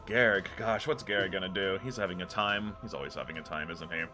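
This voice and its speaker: A man running a tabletop game as game master, relaxed and joking, laughing often. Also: sits low, fast, over music.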